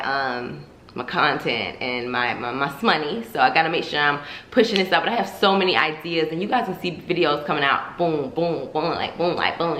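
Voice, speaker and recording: Young woman YouTuber, frank profane chat to camera, bright tone, roomy echo. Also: sits low. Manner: candid, profane, addresses viewers as y'all. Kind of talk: casual vlog confession to viewers. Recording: echoey room.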